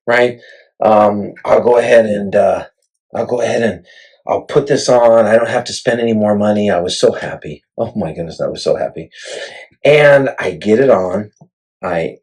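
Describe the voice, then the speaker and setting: A middle-aged man casually vlogging about camera gear, chatty and self-deprecating, retelling his excitement, on a clip-on mic. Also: lowish voice, low-quality recording. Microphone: wireless clip-on mic.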